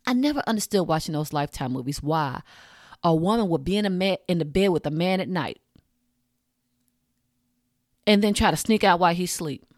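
A woman's voice: lowish voice, animated, a little fast, long pauses, no room sound. A woman podcast host, ranting frankly and profanely in a casual monologue into a close mic. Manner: frank, profane, rants with punchy asides.

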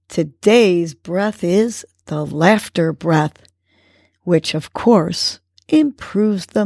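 A woman hosting a podcast, calmly guiding listeners through breathing exercises and affirmations. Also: lowish voice, gravelly, dry recording, studio quality. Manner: slow, calm guiding delivery. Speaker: podcast host.

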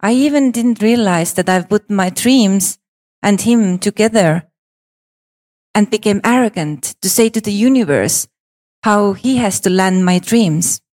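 A woman giving a storytelling speech on stage, swinging between hushed pauses and excited pleading, with repetitions. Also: medium pitch. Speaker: speaker presenting a personal story.

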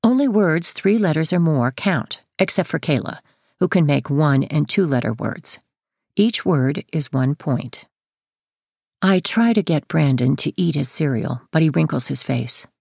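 Low, gravelly woman narrating a memoir. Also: a little slow, no room sound, studio quality. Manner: steady, first-person storytelling. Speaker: audiobook narrator and author.

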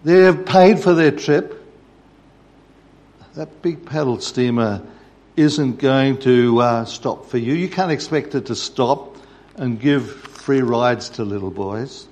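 A man voicing an old fisherman who lectures a boy in a gruff, steady way. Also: mid-range voice, slow pace, close to an everyday voice. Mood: chiding. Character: old Australian fisherman, calm and scolding.

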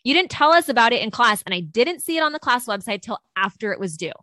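Lady reading out a pushy teen boy yelling in all caps, kinda high and loud, dry close sound. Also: big pitch swings, fast talker, no echo. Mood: indignant. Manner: shouting in all caps, indignant. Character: demanding teenage boy student, impatient, entitled.

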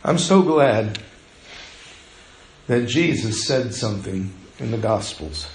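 A man preaching a sermon in a church, conversational, with slow, quiet passages for emphasis. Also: medium pitch, animated, a little hiss or hum. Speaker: pastor. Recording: echoey room.

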